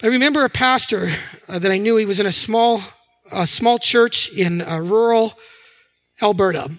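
Speaking at normal speed in a high voice, this middle-aged pastor preaches by telling anecdotes. He gives the characters in his stories their own voices as he acts them out.

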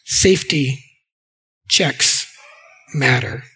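A middle-aged man preaching a sermon, telling stories in an animated way and often stammering into repeated words. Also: medium pitch, extremely slow, slightly rough, poor audio. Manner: animated storytelling, acting out quoted voices, frequent stammered repeats. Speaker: pastor.

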